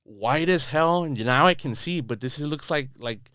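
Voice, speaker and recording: A man's voice: on the high side, expressive, moderate pace, a bit bright, dry recording. A man, a podcast guest in a studio, telling a rambling story in casual slang full of "dude" and "bro".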